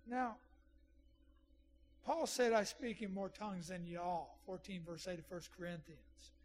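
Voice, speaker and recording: A man's voice: sits high, normal speed, a little hiss or hum. A middle-aged man preaching a sermon in a conversational way, with asides to the congregation. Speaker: pastor.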